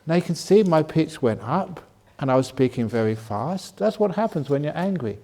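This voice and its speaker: A man, a Buddhist monk, answering questions at a meditation retreat in a gently humorous way, slowing and softening his voice to show calm speech. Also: a little high. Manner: gently humorous, laughs at his own jokes. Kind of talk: dharma Q&A talk at a retreat.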